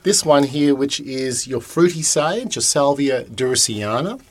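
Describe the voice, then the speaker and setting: A man talking warmly and eagerly about his garden and his spices in a relaxed radio chat. His voice sits at a middle pitch. He piles up descriptive words as he shows off each plant. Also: unhurried. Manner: enthusiastic, chatty. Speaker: gardening and cooking guest expert.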